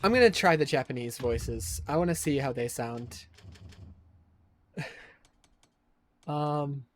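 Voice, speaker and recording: A man's voice: mid-range voice, slow pace. Sarcastic, swearing male streamer. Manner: sarcastic and profane, thinking aloud. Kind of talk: casual live gameplay commentary.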